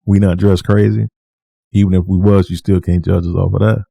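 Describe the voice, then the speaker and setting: A man tells a personal story straight to the camera in a deep, very dark and mellow voice with a husky edge. He is animated, repeats lines for emphasis and acts out the people in the story. The recording is dry and close. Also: fairly quick, dry recording. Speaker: vlogger.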